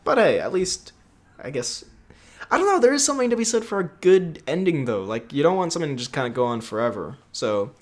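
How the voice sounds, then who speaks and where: A man's voice: a little high, very animated, fairly quick. A young man co-hosting a podcast in casual chat, rambling and laughing often. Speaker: podcast co-host.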